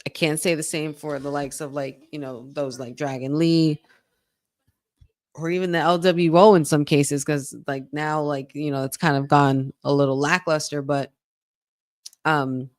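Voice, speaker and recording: A woman's voice: low voice, fairly even intonation, measured pace, no echo, clean studio sound. A woman co-hosting a wrestling podcast, chatting casually during a live watch-along, reacting aloud and reading viewer comments.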